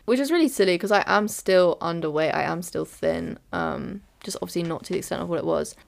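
Young woman rambling on her solo podcast, kinda low voice with lots of vocal fry, says like a lot and corrects herself. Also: big pitch swings, a little fast. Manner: candid, rambling, full of fillers and self-corrections. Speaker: podcast host. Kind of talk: reflective solo podcast monologue.

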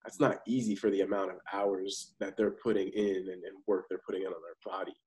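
A man guesting on a podcast, an actor describing his craft. His voice is very low, and he talks loosely and with confidence, in an easy conversational flow. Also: level tone, brisk, darkish tone, poor audio. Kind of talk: casual interview chat.

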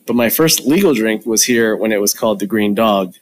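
A man's voice: fairly low pitch, lively intonation, fairly quick, a little hiss or hum. Playful chatty man from California. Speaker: podcast co-host. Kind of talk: casual bar chat.

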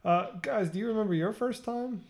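A man co-hosting a podcast in casual chat, joking and reading out listener shout-outs. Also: high-pitched, a little fast, gravelly, a little hiss or hum. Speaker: podcast co-host.

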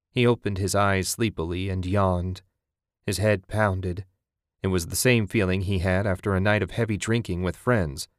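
A man reading a story aloud in a measured, even way. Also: low voice, dry recording, studio quality. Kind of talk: scripted narration.

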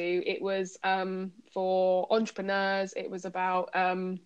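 A woman co-hosting a casual chat, thinking aloud with pauses and restarts as she tells a story. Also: on the low side, completely flat delivery, smooth. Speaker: podcast co-host; coach.

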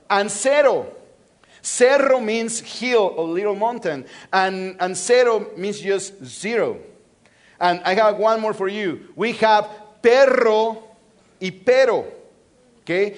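A man preaching a sermon as a pastor, animated and playful, stretching words out slowly when he teaches them. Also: high voice.

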